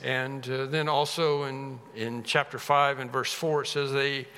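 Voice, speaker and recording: A man's voice: mid-range voice, level tone, unhurried, sharp tone, smooth. A man preaching a sermon, emphatic, often repeating phrases with rising force. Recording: reverberant hall.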